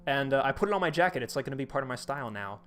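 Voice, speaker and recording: A man's voice: mid-range voice, expressive, very fast, fairly bright tone. A man hosting a live stream, chatting casually and rambling with lots of fillers and restarts.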